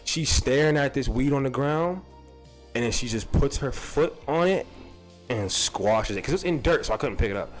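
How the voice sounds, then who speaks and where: A man's voice: medium pitch, animated, moderate pace, soft background music. A young man telling a rambling, profane story on a live stream, repeating himself as he goes. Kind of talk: casual storytelling.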